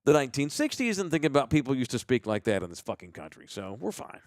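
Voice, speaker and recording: A man's voice: mid-range voice, big pitch swings, fast talker, darkish tone, dry recording. A man hosting a podcast in casual, crude, joking chat. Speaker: podcast host.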